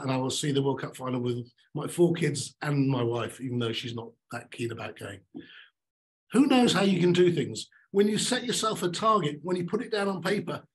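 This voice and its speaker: A middle-aged man giving a motivational talk on stage, emphatic and animated, repeating his key lines. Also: on the high side, rough recording. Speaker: keynote speaker.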